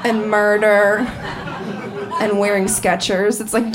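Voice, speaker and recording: A woman in her thirties doing a stand-up comedy set on stage, profane and animated, laughing through her punchlines. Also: mid-range voice, moderate pace, a crowd in the background, background noise. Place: comedy venue with a live audience.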